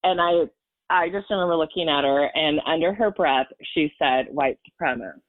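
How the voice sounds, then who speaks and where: A woman's voice: sits low, normal speed, dry recording. A woman in her forties telling a personal story in a podcast chat, earnest and emotional, rambling with fillers and restarts. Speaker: podcast guest. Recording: tinny phone-like line, dry.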